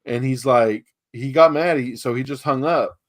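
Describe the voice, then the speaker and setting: Man, from Texas, casual podcast chat, rambling storyteller, acts out quotes, filler-heavy, middle pitch. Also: normal speed. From San Antonio, Texas. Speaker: real estate investor.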